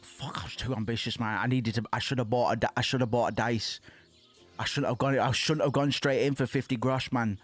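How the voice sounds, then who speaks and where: A man commentating on his own gameplay, swearing often and getting frustrated, sometimes chanting words loudly. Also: medium pitch, fairly even intonation, a little fast. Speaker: gaming streamer. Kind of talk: casual let's play commentary.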